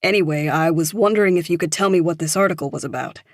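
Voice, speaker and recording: A woman's voice: fairly low pitch, no echo, studio quality. A woman doing a panicked man on the run. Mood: urgent. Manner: urgent, rushed, pleading.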